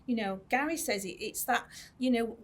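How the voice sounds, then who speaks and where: Woman nurse at a conference talk, highish voice, lots of you knows and restarts. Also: moderate pace. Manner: chatty, many fillers and restarts. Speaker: tissue viability nurse specialist. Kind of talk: conference presentation. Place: conference hall.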